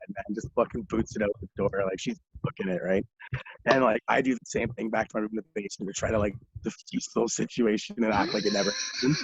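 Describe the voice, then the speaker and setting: A young man tells a rowdy, profane story as a podcast guest, laughing as he goes. His voice is husky and sits in a middle pitch. The sound is dry and somewhat muffled, like a lo-fi recording. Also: a bit bright, dry recording. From Ontario, Canada. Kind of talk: casual storytelling.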